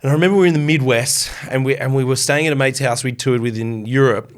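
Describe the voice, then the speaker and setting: A man's voice: medium pitch, steady tone, fast. An Australian man, a touring musician guest, telling rambling stories casually, swearing and laughing. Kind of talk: casual storytelling chat.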